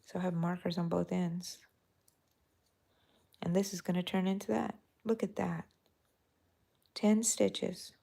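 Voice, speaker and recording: A middle-aged woman hosting a live crochet tutorial, talking softly and mellowly, sometimes drifting into a whisper as she works. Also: fairly low pitch, little pitch movement, a little slow, vocal fry, pauses often. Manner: soft, mellow, drifting into whispers while counting stitches. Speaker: crochet channel host.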